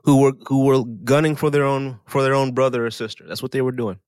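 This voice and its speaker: A man's voice: steady tone, fairly quick, a little mellow, smooth, no room sound. A man co-hosting a casual podcast, rambling and sardonic in his opinions. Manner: sardonic, rambling, sudden pitch swings. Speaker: podcast co-host.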